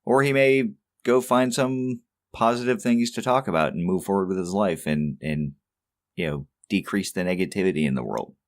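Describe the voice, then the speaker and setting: A man's voice: sits low, moderate pace. A man co-hosting a casual podcast, rambling along with stammered restarts and little chuckles. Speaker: podcast co-host.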